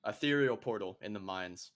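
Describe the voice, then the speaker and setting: A man's voice: fairly low pitch, moderate pace, fairly bright tone. A man playing in a tabletop game, talking in a casual, matter-of-fact way. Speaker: player.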